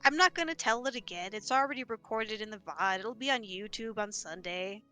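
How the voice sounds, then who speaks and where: Bright, nasal woman chatting on stream. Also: mid-range voice, fairly quick, clear, resonant tone, faint music behind. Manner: chatty, joking, animated. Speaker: streamer, co-host. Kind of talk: casual gaming chat.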